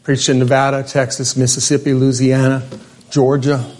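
A man preaching a sermon to a congregation in church, telling a personal story with feeling and slowing down to stretch out the key words. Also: mid-range voice, flat delivery, darkish tone. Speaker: pastor. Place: church service before a congregation.

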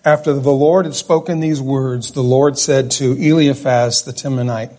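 Telling stories from the pulpit, a middle-aged preacher speaks at a moderate pace and medium pitch with hardly any pauses. He's casual and often animated, and he keeps correcting himself.

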